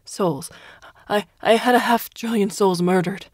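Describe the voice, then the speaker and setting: A woman's voice: lowish voice, steady tone, takes it slowly, darkish tone, breathy edge, no room sound, studio quality, exaggerated voice. A woman voicing a terrified male prisoner who stammers and sobs through his answers. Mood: terrified stammering. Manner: stammering, hysterical. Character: male war criminal prisoner, terrified, sobbing.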